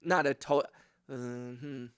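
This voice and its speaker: A man's voice: mid-range voice, steady tone, very slow, a bit bright, clear, resonant tone, no echo. A man streaming live to viewers from a home music studio, ranting in frustration and swearing, mocking himself, then thanking his chat on a close microphone. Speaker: livestreaming music producer. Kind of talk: casual livestream chat to viewers. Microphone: close broadcast microphone.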